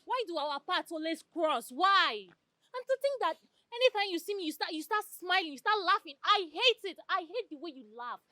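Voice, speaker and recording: A woman's voice: very high voice, animated, moderate pace, pushed and bright, dry recording, exaggerated voice. An actress playing an irritated young woman, complaining and annoyed.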